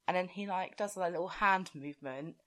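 A woman's voice: fairly low pitch, fairly quick, fairly bright tone. A woman co-hosting a podcast, recapping a film in casual, giggly chat and swearing freely. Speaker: podcast co-host.

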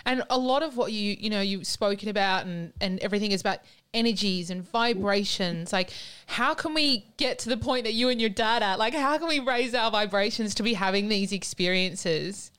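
A woman's voice: mid-range voice, moderate pace, few pauses, clear, resonant tone. A woman co-host in casual chat, enthusiastic and asking questions. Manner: warmly enthusiastic, asks questions. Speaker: podcast co-host.

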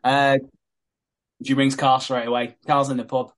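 A man's voice: medium pitch, level tone, a little slow. A man in casual chat, retelling a soap plot with lots of swearing and acted-out quotes. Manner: sweary storyteller acting out quotes. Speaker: podcast co-host.

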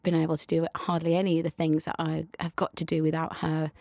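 Interview guest: young woman, Black Country accent, lowish voice, warm chatty delivery, dry close sound. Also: completely flat delivery, fast talker, vocal fry, dry recording. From West Midlands, England. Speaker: guest, children's TV presenter. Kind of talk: casual conversational interview.

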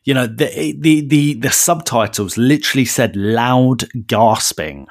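A man, co-hosting a podcast in casual, animated chat, often ranting and restarting his sentences. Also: mid-range voice, unhurried. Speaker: podcast co-host.

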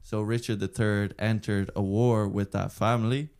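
A man's voice: fairly low pitch, little pitch movement, normal speed, darkish tone, clean tone. A young man co-hosting a chat, explaining things at length in an earnest way. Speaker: podcast co-host. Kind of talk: casual chat.

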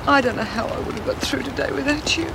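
An actress in a television soap playing a grieving, hurt widow. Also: female voice, high voice, fast, vocal fry, heavy background noise.

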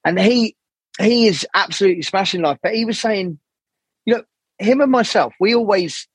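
A man's voice: high-pitched, moderate pace, breathy edge, no room sound. A man talking as a podcast guest in a candid, rambling way, swearing often. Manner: swears freely, animated rambling storytelling. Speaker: jazz saxophonist, podcast guest.

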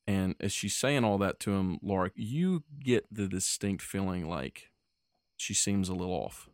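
A man running a tabletop game with casual, chatty narration. His voice is very low. The sound is dry and close. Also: animated, unhurried, no echo. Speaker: game master.

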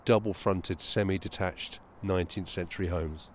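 Low-voiced man chatting outdoors in a park. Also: steady tone, moderate pace, slight background noise. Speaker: podcast co-host. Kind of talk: casual chat and reading aloud on a walk.

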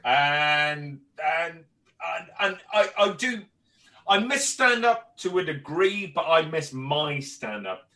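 This Northern Irish guest comedian has a higher, sing-song, bright and forceful voice, speaking slowly far from the mic on a rough recording. Chatting casually on a podcast, he tells rambling stories with stammered restarts and heavy swearing.

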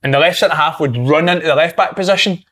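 A man's voice: fairly high pitch, fast, fairly bright tone. A Scottish man, a guest footballer on a podcast, chatting casually and explaining tactics at length.

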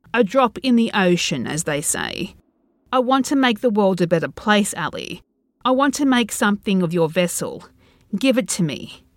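A calm, ancient body-stealing entity, put on by a woman narrating a horror story, speaks with soothing, coaxing patience that sinks into a low hush. The voice rises and falls with a lively pitch. It sounds dry and close. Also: no room sound.

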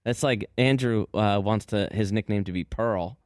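A man with a low voice leads a casual chat with wry, dry humor and steers it with questions. The sound is close and dry. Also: moderate pace, darkish tone, no echo.

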